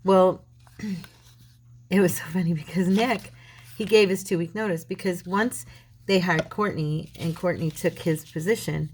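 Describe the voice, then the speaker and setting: A crafting channel host with a husky, fairly low, unhurried voice chats casually as she works, telling a rambling story full of restarts.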